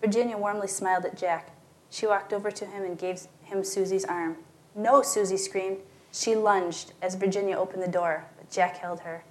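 Lady reading a spooky story, mid pitch, gets louder and higher on the spoken lines. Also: fairly even intonation, moderate pace. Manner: reads dialogue with shifting pitch and volume. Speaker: narrator.

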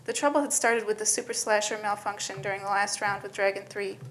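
A woman narrating a story in a steady, matter-of-fact reading voice. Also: medium pitch, quick pace, a little hiss or hum, rough recording.

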